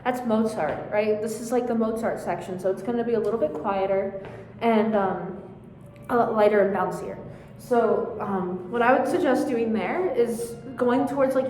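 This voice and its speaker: A woman's voice: a little high, darkish tone, echoey room, big-room sound. A woman coaching a viola section, speaking through a face mask and slightly out of breath, chatty and informal with frequent fillers as she counts beats aloud. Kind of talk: casual practice lesson, counting beats aloud.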